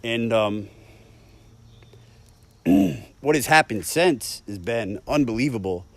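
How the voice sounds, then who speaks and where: A man's voice: medium pitch, lively intonation, slow, no room sound. Man, 30s, recovery meeting share, candid, emotional, swears a lot, dry sound. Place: meeting room.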